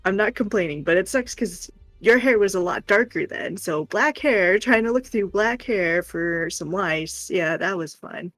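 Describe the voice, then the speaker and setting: A woman's voice: medium pitch, unhurried, hardly any pauses, a bit bright, soft background music. A woman streamer telling stories in casual chat and laughing often. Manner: chatty storytelling, laughs often.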